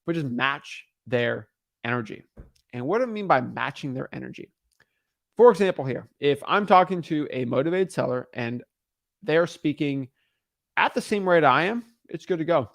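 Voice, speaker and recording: A man teaching in a casual, conversational way, with a voice pitched a little above the usual. He keeps checking in with his listeners and restarts his sentences. The sound is dry and close. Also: animated, moderate pace, gravelly, no room sound. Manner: keeps checking in with "right?" and "okay?", frequent restarts. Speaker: real estate wholesaling instructor.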